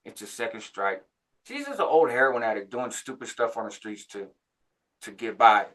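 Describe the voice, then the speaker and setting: A man in his forties casually telling a story about his past, jumping higher in pitch when he acts out what others said. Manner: animated, jumps higher when quoting others; laughs between phrases, frequent "right?". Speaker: channel host recounting prison life.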